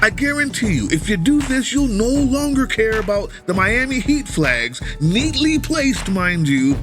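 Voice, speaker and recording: A man's voice: high voice, very animated, measured pace, over music. A man giving sarcastic, taunting commentary over video clips. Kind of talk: mocking commentary.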